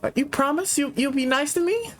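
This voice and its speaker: A man's voice: very high voice, sing-song, a little fast, fairly bright tone, faint music behind, voice pushed up, heavily acted. A man reading a fan-made visual novel aloud, voicing a bratty girl who fake-cries and then makes sweet threats. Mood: whiny pleading. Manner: whiny sing-song pleading, turns to petty threats.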